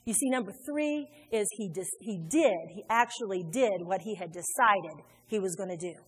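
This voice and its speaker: A woman's voice: medium pitch, moderate pace, husky. A woman preaching a sermon in a church, emphatic, acting out the people she quotes. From Indiana. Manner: emphatic, acts out quoted voices. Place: church sanctuary. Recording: long hall reverb.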